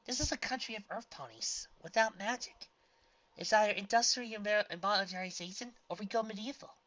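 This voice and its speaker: A woman's voice: medium pitch, lively intonation, normal speed, a bit bright, dull audio, voice pushed up, natural voice. A woman voicing a kindly, plain-spoken earth pony friend. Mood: caring.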